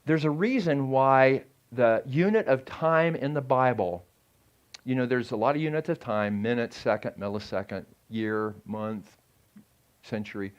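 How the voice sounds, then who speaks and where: A man's voice: medium pitch, a little slow. An older man giving a sermon as a guest preacher, talking in a conversational way and asking the congregation questions.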